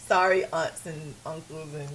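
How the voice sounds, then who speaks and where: A woman's voice: sits low, fairly even intonation, a little slow, low-quality recording. A young adult woman co-hosting a podcast, chatting with her best friend, emotional and tearful, laughing and apologizing. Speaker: podcast co-host. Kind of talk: casual chat between best friends.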